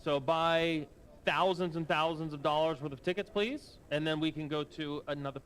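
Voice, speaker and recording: A man's voice: on the high side, fairly even intonation, moderate pace, fairly bright tone. A man hosting a convention, making announcements in a jokey, informal way. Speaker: show host. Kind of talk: event announcements. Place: convention hall.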